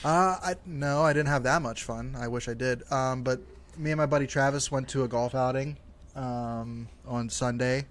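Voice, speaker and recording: A man's voice: mid-range voice, normal speed. A young man co-hosting a casual podcast, telling a rambling story full of "like" and cursing. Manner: rambling storyteller, swears freely, many fillers like "like". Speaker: podcast co-host.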